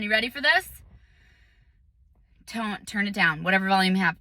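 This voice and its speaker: Chatty bright-voiced woman meditation teacher. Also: a little high, brisk, long pauses, a little hiss or hum. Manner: chatty, lots of "like" and "um"; animated storytelling. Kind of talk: casual vlog talk.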